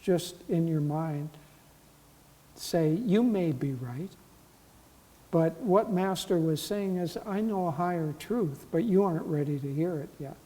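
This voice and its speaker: A man serving as a spiritual teacher, giving calm, gentle advice in a talk. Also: on the high side. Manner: slow, calm, gentle counsel. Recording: long hall reverb.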